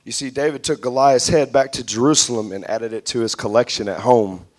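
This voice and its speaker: A male pastor preaching a sermon in a church, calling out to the congregation and building up to shouts. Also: mid-range voice, fairly even intonation, a little fast.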